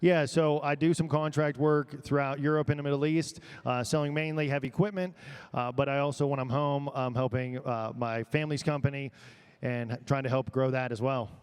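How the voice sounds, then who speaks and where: A man's voice: medium pitch, steady tone, normal speed, smooth. A man answering interview questions as an auctioneer contestant, easygoing and modest. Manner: easygoing, modest replies with fillers.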